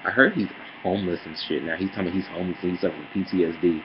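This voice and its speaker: A man ranting sassily in a casual vlog, calling listeners girl and honey, heated and swinging between mutters and loud outbursts. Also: deep voice, steady tone, rapid-fire, muffled recording, noisy background. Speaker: vlogger. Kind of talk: casual opinion rant.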